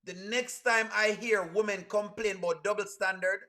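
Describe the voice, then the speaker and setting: A man talks to his stream chat as he reacts to a video. His voice sits high and sounds bright and forceful. He is animated and repeats his exclamations over and over. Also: moderate pace.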